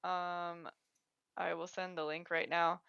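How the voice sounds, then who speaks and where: Bright, chatty woman on a livestream. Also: fairly low pitch, little pitch movement, slow pace, vocal fry, smooth, muffled recording. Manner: chatty, rambling, laughs often. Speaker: co-host. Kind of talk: casual livestream chat.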